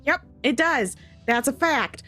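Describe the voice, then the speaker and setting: A mysterious woman who knows more than she says, put on by a woman game master. Her voice sits very high and swoops around a lot. She sounds breezy and insistent. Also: expressive, slow, bright, forceful tone, soft background music, heavily acted.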